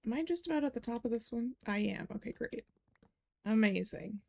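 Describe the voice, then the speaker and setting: Chatty young woman streamer, higher voice. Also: lively intonation, brisk, gravelly, darkish tone. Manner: chatty, rambling, many "like"s. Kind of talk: casual live-stream chat. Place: home room.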